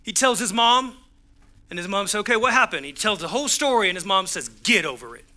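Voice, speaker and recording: A man preaching as a pastor speaks with a high-sitting, expressive voice that is pushed and bright, at a quick pace. He drives points home with punchy repeated phrases and acts out the voices in his stories.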